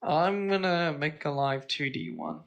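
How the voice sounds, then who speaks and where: A man hosting a casual streamed talk show, chatting in a slow, plain-spoken way. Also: a little high, sing-song, creaky, muffled recording. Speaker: streamer and host.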